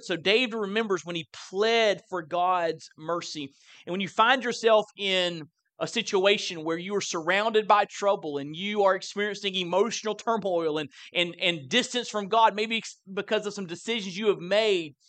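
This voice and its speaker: A male pastor delivering a sermon, earnest and rising in pitch when he quotes scripture. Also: sharp tone. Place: church sanctuary.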